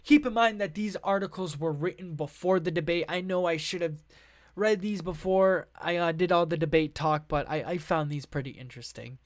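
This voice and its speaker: Here the news is read aloud by a podcast host at normal speed, in a mid-range voice captured as clean studio sound with no room noise. The delivery is casual and loose, packed with fillers, restarts, candid swearing and offhand asides between passages.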